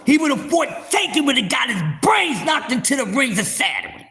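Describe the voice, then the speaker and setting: A man's voice: very high voice, sing-song, normal speed, bright, forceful tone. A man hosting a live stream, ranting heatedly about boxing to his viewers, profane and repeating words for emphasis. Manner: speaks straight to the viewers as y'all. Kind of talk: casual boxing rant to a live audience.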